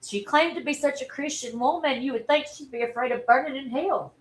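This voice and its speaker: A woman, telling a personal story in a halting, earnest and openly emotional way on a livestream. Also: high-pitched, poor audio. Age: 40s. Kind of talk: candid personal livestream talk.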